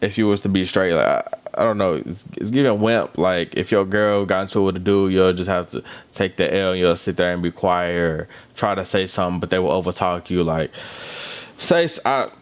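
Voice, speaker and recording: Chatty guy w/ a low-ish voice, aave, just talking to the camera about a reality show ep. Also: fairly quick, clear, resonant tone. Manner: chatty, animated, talks straight to viewers. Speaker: reality TV recap host. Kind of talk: casual commentary. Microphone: phone or camera held close.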